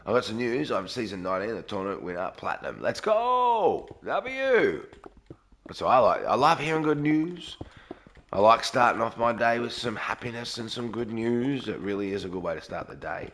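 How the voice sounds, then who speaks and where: A man live-streaming a game early in the morning from a garage, talking quietly and sleepily while reading out chat. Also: on the low side, a little fast, a little hiss or hum. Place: garage with echo.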